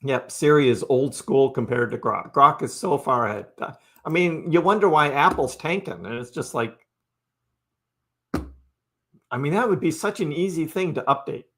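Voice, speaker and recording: A man's voice: a little high, animated, moderate pace, a bit bright. A man hosting a casual crypto live stream, chatting loosely, laughing often and answering viewers by name. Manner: chatty and laid-back, laughs often, talks to chat by name.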